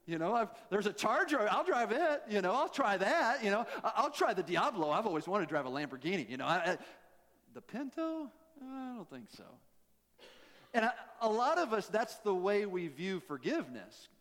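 A man with a high, light voice preaches a sermon in a folksy, joking way, full of self-deprecating asides. His words ring out with the long reverb of a church hall. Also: big pitch swings, a little fast, hardly any pauses, fairly bright tone. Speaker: pastor.

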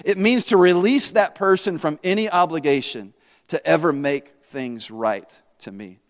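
A pastor telling a story in a sermon, animated, moving between quiet asides and loud bursts. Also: male voice, on the high side, unhurried. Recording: long hall reverb.

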